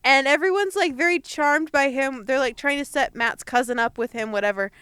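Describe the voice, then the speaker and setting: A woman's voice: sits high, a little fast, bright, forceful tone, no echo. A young woman co-hosting a casual chat podcast, playful and teasing, laughing a lot. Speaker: podcast co-host.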